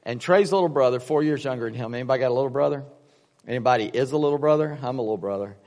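A man's voice: medium pitch, racing, a little mellow, big-room sound. A man preaching a casual sermon, rambling through personal stories with many restarts and fillers. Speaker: pastor.

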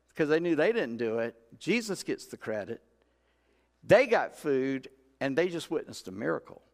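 Folksy preacher in a reverberant church. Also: male voice, a little high, big pitch swings, normal speed. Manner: folksy storytelling, acts out voices in quotes. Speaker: pastor. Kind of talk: sermon. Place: church sanctuary. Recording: long hall reverb.

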